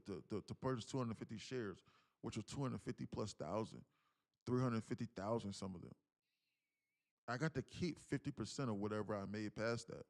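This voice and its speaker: Profane, animated man streaming day trading. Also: medium pitch. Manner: animated, profane, slangy, restarts often. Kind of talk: casual live-stream talk.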